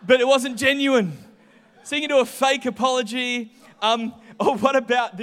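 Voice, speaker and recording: Young male pastor, high voice, lively storyteller, long hall reverb. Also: normal speed. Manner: chatty, animated storytelling with voiced asides. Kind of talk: sermon with personal stories.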